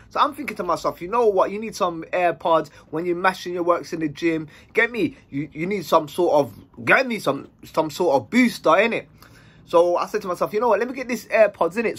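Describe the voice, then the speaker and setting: Guy telling a story, bouncy up and down voice, bit husky, loads of slang. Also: sits high. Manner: animated, slang-heavy, acts out dialogue. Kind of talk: casual storytime monologue.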